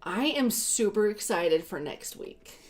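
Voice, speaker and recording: A sleep-deprived woman co-hosting a casual livestream, chatty and bubbly, often trailing off softer. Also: medium pitch, lively intonation, unhurried. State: tired from little sleep. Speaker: co-host.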